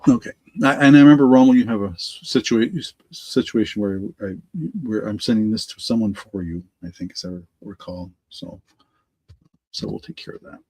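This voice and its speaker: A middle-aged man hosting a live online auction, congested from allergies and slightly raspy, rambling and correcting himself as he answers viewers by name. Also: fairly low pitch, steady tone, brisk, darkish tone, no room sound. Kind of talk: live-stream auction chat.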